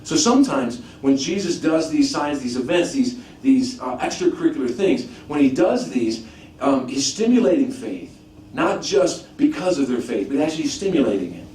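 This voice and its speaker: A man preaching a teaching sermon, animated, asking rhetorical questions and often restarting his sentences. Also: medium pitch, moderate pace. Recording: echoey room, mic at a distance, faint background noise.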